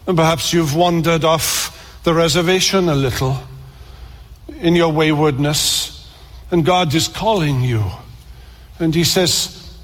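A man's voice: on the high side, slow pace, pauses often, big-room sound. A man preaching a sermon in a church, earnest and building emphasis through repeated phrases.

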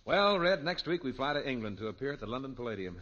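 A man working as announcer and straight man on a 1950s radio comedy show, crisp and teasing, on a dull, noisy vintage recording. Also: medium pitch, very animated, fast, fairly bright tone, faint music behind.

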